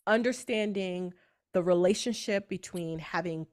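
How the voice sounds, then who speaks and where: A woman tells stories as a podcast guest. She talks fast and with a lot of emphasis, and her voice sits on the low side for a woman. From New York. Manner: fast-talking, animated, emphatic storyteller. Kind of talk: storytelling interview.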